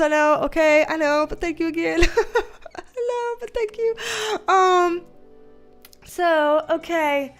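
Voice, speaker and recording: Chatting from home on her livestream, a Southern American woman with a high-pitched, slightly bright voice rambles on talkatively. She laughs often while saying hello to viewers.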